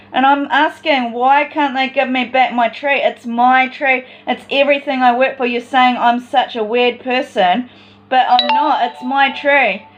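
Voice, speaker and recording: A woman's voice: high voice, a bit bright, dull audio. A woman in a personal vlog monologue, talking in an agitated, rambling and distressed way.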